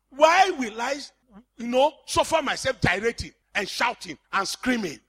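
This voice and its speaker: A man preaching a sermon with passion, often shouting for emphasis. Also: very high-pitched, expressive, unhurried, husky.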